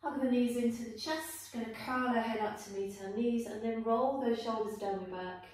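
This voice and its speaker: A woman yoga teacher calmly talking students through a guided flow, with gentle encouraging cues. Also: a little high, normal speed. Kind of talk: guided yoga class instruction. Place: indoor room, teacher on her mat. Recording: echoey room, voice from a distance, faint background noise.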